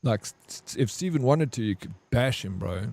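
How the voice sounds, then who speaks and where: A man's voice: medium pitch, lively intonation, normal speed, a little mellow, dry recording. A man streaming a game, rambling and crude as he tells a long army story to his chat. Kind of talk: casual gaming stream storytelling.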